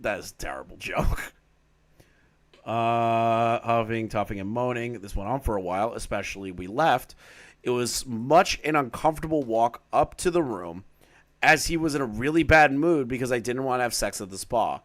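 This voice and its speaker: Male commentary YouTuber reading a document aloud, mid-range pitch, loose and profane, dry sarcastic asides. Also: normal speed, a bit bright.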